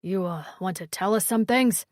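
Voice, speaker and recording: A woman's voice: mid-range voice, normal speed, darkish tone, dry recording, clean studio sound, natural voice. A woman voicing a blunt, commanding alien male warrior leader in an audiobook.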